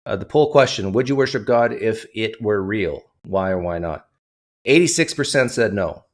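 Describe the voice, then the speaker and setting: A man's voice: fairly low pitch, animated, moderate pace. A man hosting a livestream, talking casually and reading donation messages aloud. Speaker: livestream host.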